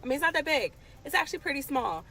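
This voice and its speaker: A woman's voice: high voice, sing-song, very fast, bright, forceful tone, faint music behind, rough recording. A woman in her late twenties from the Washington DC area, telling a personal story to camera in an emphatic, impassioned way. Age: late 20s.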